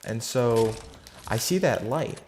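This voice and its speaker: A man's voice: medium pitch, animated, slow, a little mellow, a little hiss or hum. A fourteen-year-old boy telling a story in a casual vlog, rambling with lots of fillers, slang and restarts. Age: teenager, fourteen.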